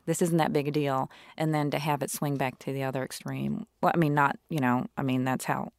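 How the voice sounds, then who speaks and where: A woman with a notably low voice, chatting candidly as a podcast co-host. She tells personal stories with animated emphasis. The recording is close and dry. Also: brisk, gravelly, no echo. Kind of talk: casual conversation.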